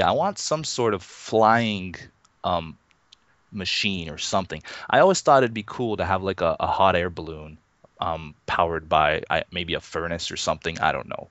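Low-voiced man in his thirties, chatting. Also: normal speed, no room sound. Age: 30s. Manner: relaxed, chuckling, many fillers and restarts. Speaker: interview guest, Minecraft YouTuber. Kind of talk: casual interview chat. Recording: dull, muffled lo-fi online call.

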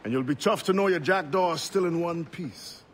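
An actor voicing a loyal male sailor comrade who speaks calmly and earnestly in a game cutscene. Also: fairly high pitch, moderate pace, slight background noise, close to an everyday voice. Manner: calm and earnest.

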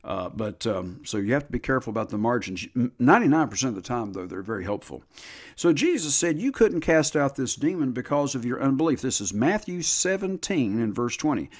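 An older man preaches in a folksy, conversational sermon. His pitch rises and falls a lot. He slows down and stresses each scripture quote. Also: sing-song. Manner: folksy, drawls scripture slowly with emphatic rises. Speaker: preacher and Bible teacher.

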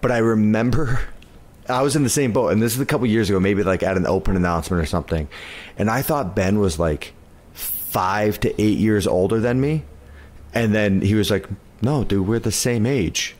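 A man's voice: on the low side, normal speed, a little mellow. A man around thirty in casual podcast chat, easygoing and sprinkling his talk with "like". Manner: easygoing, loose with "like" fillers. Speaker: podcast guest.

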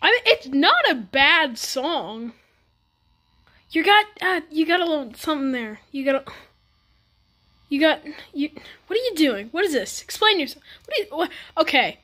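A woman's voice: sits high, big pitch swings, moderate pace, pushed and bright. A woman doing a comedic reaction to a music video, talking in bewildered, exasperated running commentary with frequent stammered restarts.

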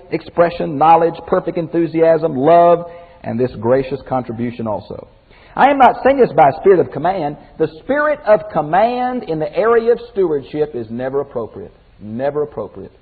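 Older male Bible teacher, husky and folksy, tinny phone-like sound in a reverberant hall. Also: on the high side. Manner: folksy, animated, shifts from loud exclamations to quiet emphasis. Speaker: pastor teacher.

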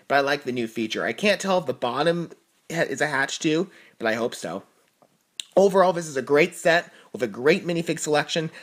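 A man narrating a scripted toy set review in an enthusiastic, upbeat way, with pitch that rises often. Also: fairly bright tone.

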